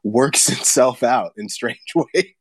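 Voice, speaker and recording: A man's voice: mid-range voice, takes it slowly, breathy edge. A man hosting a podcast in casual chat, rambling and laid-back, laughing often and swearing, recorded over a remote voice chat. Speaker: podcast host.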